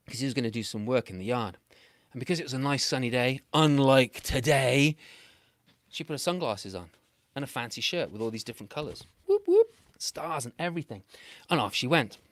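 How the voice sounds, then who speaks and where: A British man making up a playful, animated children's story, with big swings between loud and soft. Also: medium pitch, dry recording.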